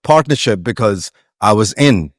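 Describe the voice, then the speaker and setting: A man's voice: fairly low pitch, expressive, normal speed, no room sound, clean studio sound. A man with a Pakistani accent talking reflectively as an interview guest, meandering with many restarts and fillers. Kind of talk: conversational interview.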